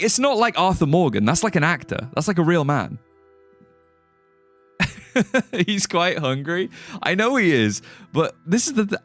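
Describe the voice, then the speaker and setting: A man streaming a game, chatting casually and greeting his viewers. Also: fairly high pitch. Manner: chatty, reacts to and greets chat. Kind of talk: casual live-stream chat.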